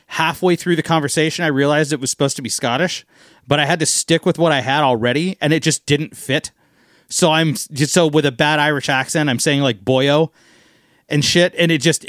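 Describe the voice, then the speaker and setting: A man's voice: fairly high pitch, brisk, a bit bright, no room sound. Chatty co-host, a man, dry sound. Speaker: podcast co-host. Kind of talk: casual chat.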